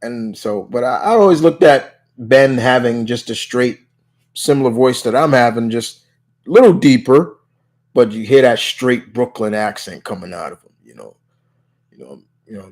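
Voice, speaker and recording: Animated and darkish in tone, his medium-pitched voice moves at a moderate pace as he runs a live Q&A stream. He answers viewer questions in loose, rambling chat, constantly restarting and dropping "you know"s.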